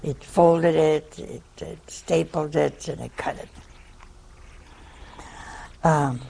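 Older woman, a nun, spinning unhurried self-mocking anecdotes in a gravelly voice. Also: deep voice, fairly even intonation, dark tone. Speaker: nun giving a talk. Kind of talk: humorous storytelling talk.

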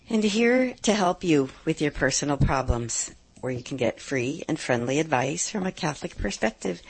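A middle-aged woman hosts a live call-in advice show on the radio, sounding upbeat and emphatic and slowing down to stress the key points. Her voice is deep and slightly rough.

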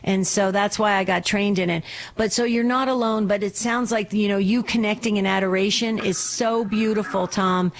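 A woman hosting a call-in radio show speaks gently and reassuringly. She often restarts her sentences as she talks warmly with callers and her co-host. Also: medium pitch, fairly even intonation, normal speed.

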